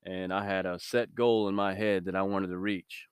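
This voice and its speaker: Deep-voiced man giving a devotional talk. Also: steady tone, moderate pace, clear, resonant tone, no room sound, clean studio sound. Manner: earnest, conversational preaching with prayer. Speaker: podcast host. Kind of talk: devotional podcast sermon.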